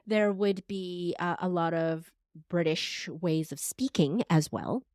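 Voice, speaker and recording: A woman's voice: fairly low pitch, takes it slowly, no room sound, studio quality. A woman in her forties, a podcast strategist and voice coach, telling stories with animation as a guest in a conversational interview. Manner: animated storyteller, acts out voices.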